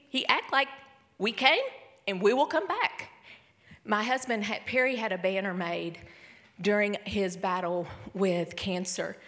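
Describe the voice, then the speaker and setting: A middle-aged woman giving an emotional sermon testimony, dropping to near whispers and rising to excited bursts. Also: mid-range voice. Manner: emotional storytelling, swings between hushed whispers and excited bursts. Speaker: speaker at a church service.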